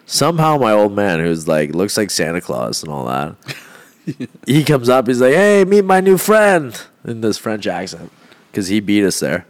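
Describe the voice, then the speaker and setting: A man, a fighter on a podcast, tells a rowdy story in a loose, casual way. His voice sits a bit low, and he swears freely and breaks into laughter often. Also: very animated, normal speed.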